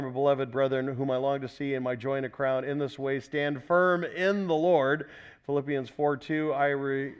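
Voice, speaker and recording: Preaching man, slightly high voice. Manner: emphatic preaching, rhetorical questions, swings between loud and soft. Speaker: pastor. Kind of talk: sermon.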